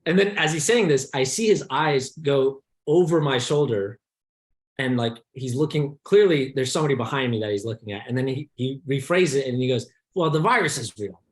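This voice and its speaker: A man hosting a podcast, telling an anecdote in casual chat, excitable and laughing often as he acts out the people in it. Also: mid-range voice, fairly quick, roomy sound. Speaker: podcast host. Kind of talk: animated storytelling in casual chat.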